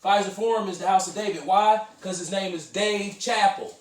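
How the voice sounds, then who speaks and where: Male host, a bit high, preachy riffing, heard from a distance. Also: fairly even intonation, normal speed. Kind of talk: casual chat. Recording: echoey room, mic far off.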